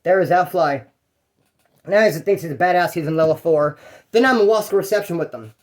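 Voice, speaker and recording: A man's voice: a little high, a little fast. A man from California telling prison stories in a casual, rambling monologue, swearing freely and acting out what others said. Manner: profane, rambling, acts out others' lines.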